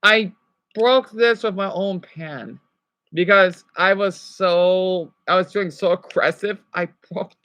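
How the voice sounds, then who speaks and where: A man's voice: high-pitched, steady tone, pushed and bright, dry recording, dull audio. A young man ranting on a live stream. He rambles, swears often and keeps apologizing. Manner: rambling, profane, quick to apologize.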